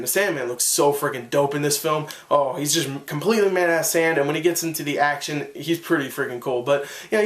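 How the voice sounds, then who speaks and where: A man's voice: a little high, fairly bright tone. A young man giving an enthusiastic, rambling casual film review, full of fillers and restarts. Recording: echoey room.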